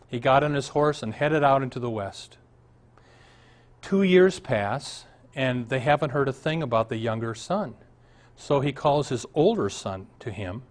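A man's voice: medium pitch, animated, measured pace. A male pastor, preaching a sermon that moves from storytelling to emphatic outbursts.

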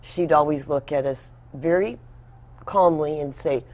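A woman co-hosting a Bible program, introducing the segment and asking the pastor questions in a gentle, conversational way. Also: sits low, measured pace. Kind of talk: scripted introduction and interview questions.

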